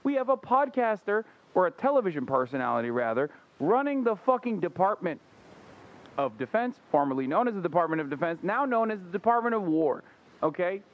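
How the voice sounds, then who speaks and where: A man ranting profanely in casual stream commentary, fast and emphatic. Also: high-pitched, sing-song. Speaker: livestreamer. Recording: slightly muffled stream audio.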